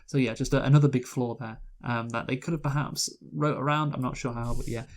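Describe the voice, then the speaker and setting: A man's voice: medium pitch, steady tone, fairly quick. Rambling male movie reviewer. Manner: rambling, many fillers and restarts. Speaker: podcast co-host, movie reviewer. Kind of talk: casual chat.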